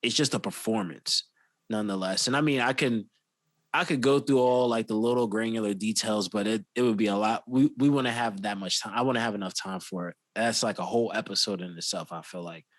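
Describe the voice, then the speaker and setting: A podcast co-host with a fairly low voice talks a little fast, spinning a long casual story packed with "like" and restarts. His delivery is rambling and filler-heavy, with no room sound on the recording.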